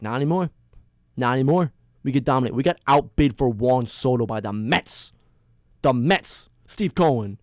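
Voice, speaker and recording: A man's voice: medium pitch, moderate pace, no echo. Young male sports podcast host, fired-up fan venting, dry close-miked sound. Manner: heated, exasperated, swings between loud complaints and mumbling asides. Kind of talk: casual sports rant. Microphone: headphones on, close mic.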